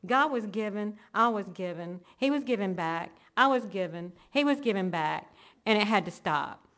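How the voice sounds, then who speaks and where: A woman's voice: medium pitch, expressive, normal speed, a bit bright. A woman telling an earnest, emotional personal faith testimony, linking events one after another. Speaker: church member giving testimony.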